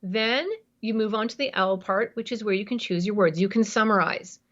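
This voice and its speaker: A woman's voice: medium pitch, a bit bright, lo-fi sound. Emphatic woman parenting expert. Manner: emphatic, explanatory, quick to act out examples. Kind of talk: podcast interview.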